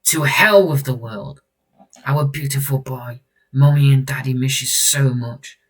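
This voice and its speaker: A man's voice: mid-range voice, a little slow, far from the mic, voice pushed up, natural voice. Give me a fierce foul-mouthed criminal woman, read by a man, a little away from the mic. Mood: defiant. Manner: brash, swearing threats.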